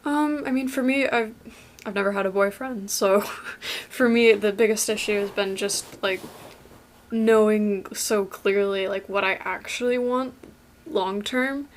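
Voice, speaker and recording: A young woman talks in a casual group conversation, open about her feelings and giggling often. Her voice sits at an ordinary pitch. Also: unhurried.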